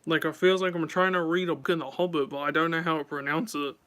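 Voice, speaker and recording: A man's voice: fairly high pitch, steady tone, quick pace, a bit bright, smooth. A man chatting casually on a live stream, rambling and talking straight to his viewers.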